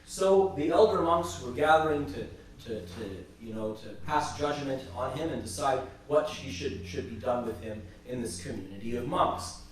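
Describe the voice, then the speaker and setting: A man teaching a church class and retelling saints' stories, halting and repeating words as he goes. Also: medium pitch, slight background noise. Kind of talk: storytelling religious class talk. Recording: very echoey church from a distance.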